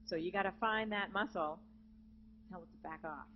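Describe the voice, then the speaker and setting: A woman's voice: lowish voice, moderate pace, highs cut off, slight background noise. A woman giving a vocal jazz masterclass, talking casually to students with chatty asides. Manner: chatty, conversational, with asides and fillers. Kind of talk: casual teaching talk at a masterclass. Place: conference center before a live audience of students.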